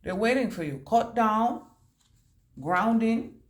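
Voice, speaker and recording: A woman's voice: fairly high pitch, animated, slow, reverberant. A woman giving a channeled intuitive reading who free-associates from word to word, makes puns and swears casually. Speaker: intuitive reader.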